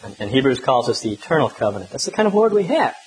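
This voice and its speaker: A male pastor preaching a sermon in a conversational, humorous way with lively emphasis. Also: medium pitch, fast, soft background music, poor audio.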